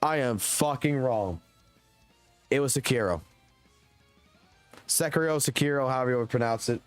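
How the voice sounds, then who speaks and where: A man's voice: medium pitch, moderate pace, faint music behind. A young adult man streaming live, telling a long, rambling story in casual chat and swearing heavily. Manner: profane, rambling, heated storytelling.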